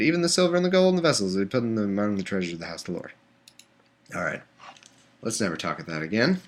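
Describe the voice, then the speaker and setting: Using a webcam or desktop mic, a man streams live from home, reading scripture and breaking into exasperated, sarcastic rants. His voice is medium in pitch with a fairly bright tone.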